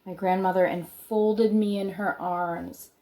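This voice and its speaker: A woman's voice: medium pitch, steady tone, a little slow, warm tone. A woman reading a children's book aloud, stopping now and then to add chatty comments of her own. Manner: chatty asides between read passages.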